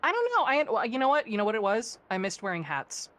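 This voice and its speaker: A woman's voice: a little high, sing-song, fast talker, fairly bright tone. A woman guest on an art stream, chatting in a light, self-amused way. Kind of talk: casual chat.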